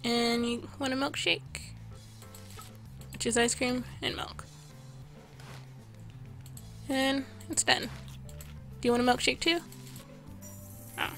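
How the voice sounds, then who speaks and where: A woman's voice: high-pitched, slow, pauses often, fairly bright tone. A woman giving casual let's-play commentary, chatting to game customers as she fills their orders, her voice a little worn. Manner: chatty, reads out orders to customers while playing. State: losing her voice. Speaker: gameplay video host. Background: game music.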